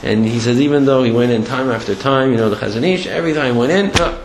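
A man giving a storytelling Torah lecture in a halting way, with many restarts and Hebrew and Yiddish terms. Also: mid-range voice. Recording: echoey room, faint background noise.

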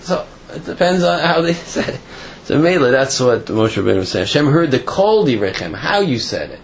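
A man's voice: medium pitch, sing-song, a little fast. A man teaching an informal Torah class, talking in a chatty storytelling way with fillers. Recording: dull lo-fi recording with faint noise.

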